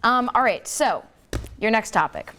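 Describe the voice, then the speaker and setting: Animated, giggly young woman host. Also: a little high, a little slow. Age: young adult. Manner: giggly, self-deprecating and animated. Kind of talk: casual chat.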